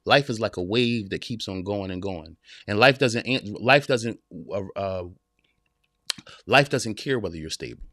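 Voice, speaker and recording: His voice sits lowish and sounds pushed and bright, though he speaks unhurriedly. He's a podcast host in his forties on a live-streamed motivational show, preaching straight at listeners with casual repetition and lots of "y'all" and "man." The studio sound is clean, without room ambience.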